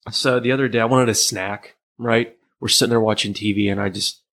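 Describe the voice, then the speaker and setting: Joking Pittsburgh man, lowish voice. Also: brisk. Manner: joking, animated storytelling. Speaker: podcast co-host. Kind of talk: casual chat.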